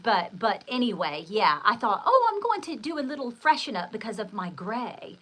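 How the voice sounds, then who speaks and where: A woman's voice: on the high side, sing-song, normal speed, a bit bright, rough recording. An older woman hosting a casual livestream, chatting in a rambling, exclamatory way and reading out viewer comments. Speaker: livestream host.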